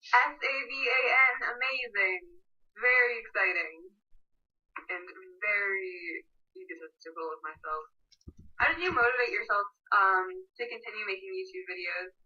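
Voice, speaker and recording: A woman's voice: medium pitch, animated, normal speed, sharp tone. A woman in her late teens chatting casually on a livestream, reading viewers' questions aloud and giggling as she answers. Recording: muffled, slightly distant livestream audio.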